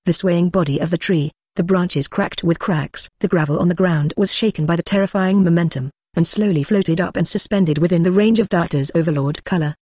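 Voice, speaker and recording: An audiobook narrator reads a translated web novel at an even, steady pace. The voice sits in a middle pitch. The sound is dry and close. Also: a little fast, hardly any pauses, breathy edge, dry recording.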